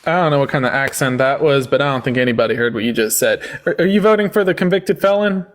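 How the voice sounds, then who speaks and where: A man's voice: medium pitch, quick pace. A man hosting a live-stream debate, sarcastic and laughing often as he lectures callers with facts.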